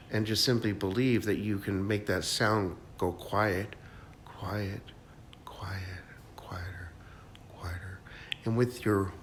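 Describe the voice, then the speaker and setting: A man giving a casual, rambling spiritual talk, sometimes dropping to a hush as he guides listeners. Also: on the low side. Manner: rambling, restarts, soft guided hushing at times. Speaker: spiritual channel host. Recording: faint background noise.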